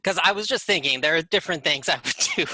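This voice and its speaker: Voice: medium pitch, animated, quick pace, bright, forceful tone, slight background noise. A player in a tabletop game, talking casually and carefully asking for clarification.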